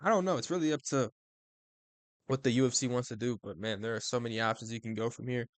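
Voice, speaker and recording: A young man giving a casual, profane fight recap, excitable and full of bro slang. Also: mid-range voice, fast talker, no echo. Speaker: MMA commentator.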